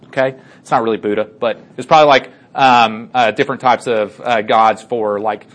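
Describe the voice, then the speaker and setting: A man casually retelling a Bible story to a group as their teacher, animated and chatty, with many fillers and asides. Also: mid-range voice, moderate pace.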